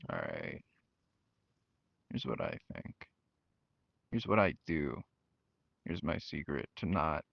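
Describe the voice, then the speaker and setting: Young man, deep gravelly voice, slow, frank and venting, dull lo-fi mic. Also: no room sound. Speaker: channel host. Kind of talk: personal talk to camera.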